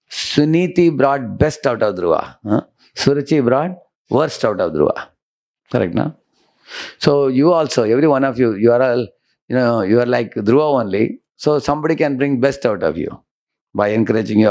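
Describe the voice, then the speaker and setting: A man's voice: medium pitch, darkish tone. A monk giving a devotional lecture in a conversational way, often checking in with his listeners.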